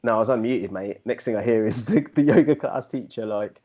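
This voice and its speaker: A man, co-hosting a podcast and telling animated, slangy stories in casual chat. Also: medium pitch, a little fast. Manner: animated storyteller, slangy, slips into put-on MC voices. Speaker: podcast co-host.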